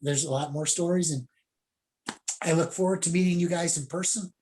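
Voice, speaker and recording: A man's voice: fairly high pitch, fairly even intonation, brisk, darkish tone, a little hiss or hum. A middle-aged man, a judo sensei, telling rambling stories casually on a video call. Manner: rambling anecdotes with laughs and acted quotes.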